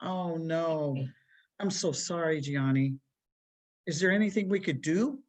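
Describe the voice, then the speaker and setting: A woman's voice: low voice, measured pace. A woman doing a concerned kind dad. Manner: gentle, worried.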